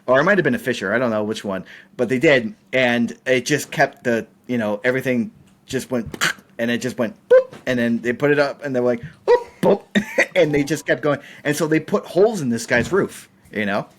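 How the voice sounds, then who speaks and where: A man's voice: medium pitch, fairly quick. A man from the United States, a podcast guest telling set stories in casual chat, laughing often. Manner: animated, laughs often, acts out quotes.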